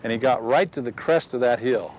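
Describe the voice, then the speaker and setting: A man telling a personal story in a folksy, animated way, recorded outdoors. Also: mid-range voice, brisk, a little hiss or hum, low-quality recording. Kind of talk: personal testimony told outdoors.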